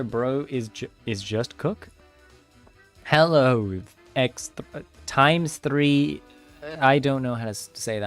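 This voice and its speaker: Laughing, easily distracted young man streaming. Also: mid-range voice. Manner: rambling, easily distracted, laughs a lot, chats with viewers. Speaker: game dev streamer. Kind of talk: casual live-stream chat while coding.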